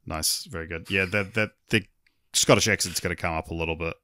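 A male podcast co-host recaps a story in an easygoing way with hesitant pauses. His voice sits very low yet bright. The sound is close and dry. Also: no room sound. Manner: plot summary with hesitant fillers. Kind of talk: casual film discussion.

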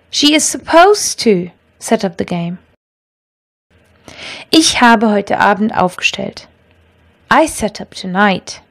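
A woman teaching a language lesson, explaining grammar rules patiently and clearly and reading out example sentences. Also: medium pitch.

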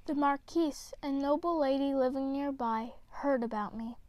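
A woman reading a children's picture book aloud, with gentle, expressive storytelling. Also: sits high, moderate pace, no room sound. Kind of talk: read-aloud storybook narration.

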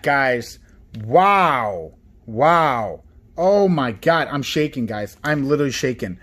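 Guy opening trading cards on camera, talks slow, higher voice, gets real excited. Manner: excitable, repeats "guys" and "oh my god"; lists cards in a low, subdued voice. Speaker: card-opening video host. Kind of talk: casual unboxing commentary.

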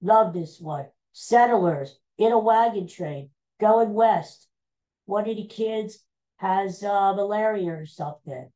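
A woman hosting a podcast, recapping old TV episodes in a casual, meandering, animated storytelling way. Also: mid-range voice, takes it slowly, lo-fi sound. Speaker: podcast host.

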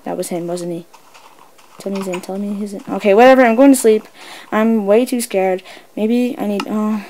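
A woman giving casual, excitable commentary while she plays, chatting away and coaxing her pet in the game. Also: medium pitch, slight background noise, poor audio. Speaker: let's play host.

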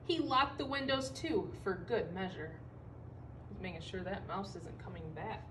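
A woman teacher reading a picture book aloud to children, expressive and stopping to comment on the pictures. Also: fairly low pitch, recorded from a distance, heavy background noise. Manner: expressive, pausing to comment for young listeners.

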